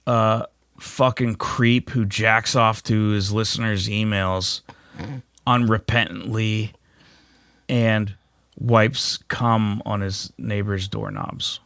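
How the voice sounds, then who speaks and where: A man co-hosting a comedy podcast, trading jokes in a deadpan, mock-serious way into a studio microphone. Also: lowish voice, takes it slowly, creaky, clear, resonant tone, no echo. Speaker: podcast co-host. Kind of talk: casual comedic banter.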